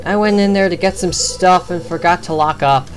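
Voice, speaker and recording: A woman doing an excitable slangy young guy. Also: on the low side, normal speed, music in the background, natural voice. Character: excitable young male bellhop, slangy and jumpy.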